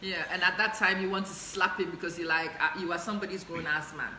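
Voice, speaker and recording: A woman's voice: on the low side, steady tone, fast talker, sharp tone, roomy sound, a little hiss or hum, low-quality recording. A woman hosting a livestream chat show, blunt and teasing as she reads out viewer comments. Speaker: host.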